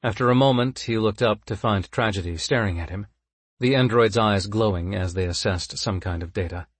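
A man narrating a science fiction story in a measured, even way. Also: lowish voice, breathy edge, no echo.

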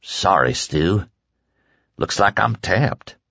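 A man voicing a gruff, blunt man. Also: deep voice, lively intonation, takes it slowly, a bit bright, no echo, exaggerated voice. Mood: wry. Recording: dull lo-fi dry recording.

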